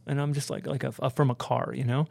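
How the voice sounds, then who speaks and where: A man, a podcast guest, telling a story in a casual, animated way, full of swearing and "like" and "dude". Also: mid-range voice, fast talker, creaky, no room sound. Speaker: podcast guest, pro snowboarder.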